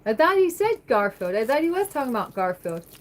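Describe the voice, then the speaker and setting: A woman's voice: a little high, big pitch swings, brisk, slight background noise, rough recording. A woman chatting on a livestream from her home, reading viewer comments aloud and answering them in a rambling way. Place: home, at the kitchen sink.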